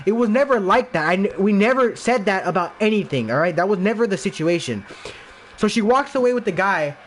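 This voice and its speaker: A man's voice: high-pitched, animated, fairly quick, slight background noise. A young man from the Los Angeles area, a podcast guest, telling a rambling, profane personal story in casual chat, full of "like" and restarts. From Los Angeles area, USA.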